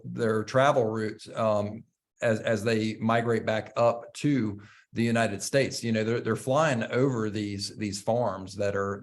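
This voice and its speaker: A man hosting a casual conversation, talking haltingly with many fillers and restarts. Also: on the low side.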